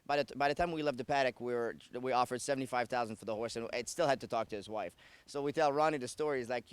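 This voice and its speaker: A harness racing driver with a French-Canadian accent tells stories as a guest in a casual interview, rambling, correcting himself, and using many fillers. His mid-range voice is very fast and clean in tone, with no room sound.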